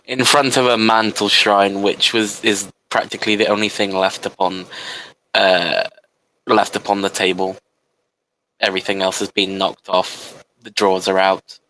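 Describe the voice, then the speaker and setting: Game master, a man narrating a tabletop session, low voice, bright edge. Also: flat delivery, a little slow, slight background noise, rough recording. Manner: descriptive, with frequent restarts and fillers.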